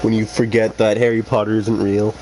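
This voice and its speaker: A man's voice: lowish voice, monotone, a little fast. A man hosting a casual chat, teasing his friend, laughing a lot and swapping swears for milder words. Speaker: host. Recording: noisy home recording.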